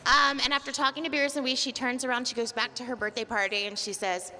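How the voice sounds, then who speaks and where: A woman who voices cartoon characters, telling a story in an animated way on a convention panel. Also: high voice, quick pace. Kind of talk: casual panel chat. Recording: echoey hall, faint noise.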